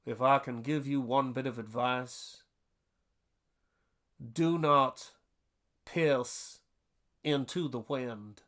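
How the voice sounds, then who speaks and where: A man imitating an older Southern gentleman teacher with a Southern accent and a slow, drawling, gentlemanly way of talking. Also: medium pitch, fairly even intonation. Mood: folksy advice. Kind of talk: anecdote impression.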